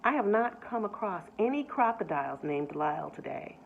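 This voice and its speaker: A woman's voice: mid-range voice, big pitch swings, moderate pace, gravelly. A woman doing a stiffly polite salesman. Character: polite, stiff male sporting goods salesman. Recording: tinny phone-like sound.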